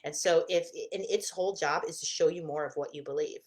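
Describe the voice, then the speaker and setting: Expressive woman therapist, slightly low voice. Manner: expressive, acts out inner voices in quick asides. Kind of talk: casual teaching talk.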